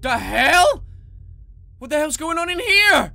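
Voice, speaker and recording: Brash, bright-voiced woman gamer. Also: high voice, big pitch swings, slow pace, vocal fry. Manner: brash, jokey, swears freely. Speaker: let's player. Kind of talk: gameplay commentary.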